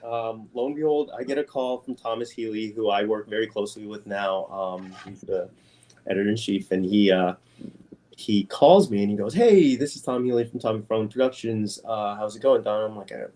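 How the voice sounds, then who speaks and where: Animated man telling a story. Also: moderate pace. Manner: animated storyteller, acts out quotes in a higher voice. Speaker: guest artist. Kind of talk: casual interview storytelling.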